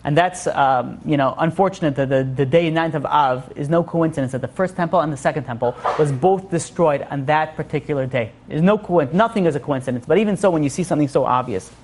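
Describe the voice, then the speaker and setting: A man's voice: on the high side, brisk, few pauses, slight background noise. A male rabbi giving an informal class, earnest and repeating his phrases for emphasis.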